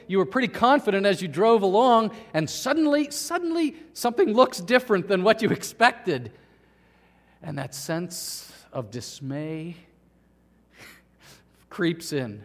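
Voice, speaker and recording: A male pastor delivering a sermon with animated storytelling, speaking to the children and the congregation. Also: on the high side, in a large hall.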